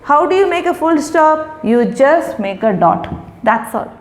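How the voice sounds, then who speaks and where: A middle-aged woman teaches young children, sounding out each word and repeating it patiently. Her fairly high voice swings up and down. She speaks slowly in an echoey room. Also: big pitch swings. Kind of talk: recorded lesson for young children.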